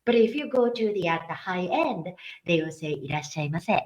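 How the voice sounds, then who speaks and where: Woman teacher, lively pitch, slow and patient, repeats phrases, echoey room. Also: a crowd in the background. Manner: explains slowly, repeats phrases for practice. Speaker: language and culture teacher. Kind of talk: casual instructional video.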